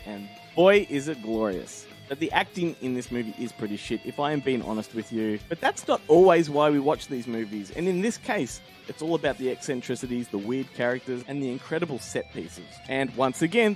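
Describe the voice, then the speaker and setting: A tired Australian man with a raspy, gravelly voice presenting a blunt, irreverent movie review segment. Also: medium pitch.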